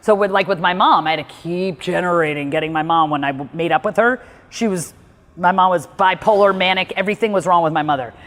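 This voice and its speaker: A woman's voice: fairly low pitch, fast talker, a bit bright, in a large hall. A woman giving candid one-on-one advice in a blunt, emphatic way, swearing freely. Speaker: personal growth speaker coaching a listener.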